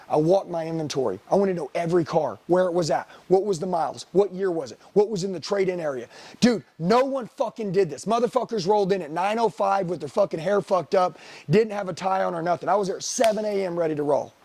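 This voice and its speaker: A man's voice: high-pitched, fast talker, a little mellow, dry recording. A middle-aged man giving a blunt, profane motivational sales talk, firing questions at his trainees. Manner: blunt, swearing, hammering questions at the room.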